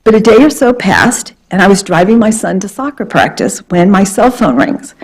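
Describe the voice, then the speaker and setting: A woman in her fifties, a trial lawyer and guest speaker, telling a story in a lively, animated lecture. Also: medium pitch, normal speed, husky, low-quality recording.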